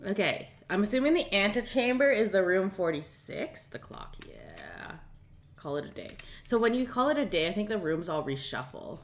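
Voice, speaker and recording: A woman's voice: mid-range voice, big pitch swings. A young woman streaming a game in casual, rambling chat and laughing often. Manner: chatty, rambling, quick to laugh.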